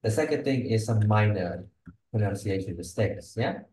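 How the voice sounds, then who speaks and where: A man's voice: fairly low pitch, expressive, normal speed, dark tone, slight background noise. A man tutoring a student one-on-one on English speaking, giving pronunciation feedback and checking in often with "yeah?" and "okay?". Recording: echoey room.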